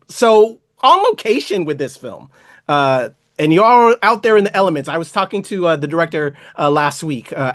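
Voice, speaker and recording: A man's voice: on the high side, no room sound, studio quality. A man interviewing an actor, effusive and respectful, praising the guest and calling him sir. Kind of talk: enthusiastic interview host.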